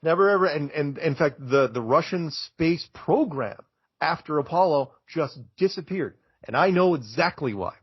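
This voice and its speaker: A man talking as a podcast guest in an animated, emphatic way, getting worked up as he makes his case. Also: on the high side, moderate pace, slightly rough, no echo. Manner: excitable, emphatic, gets worked up. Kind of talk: animated conversational rant. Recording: dull lo-fi, dry audio.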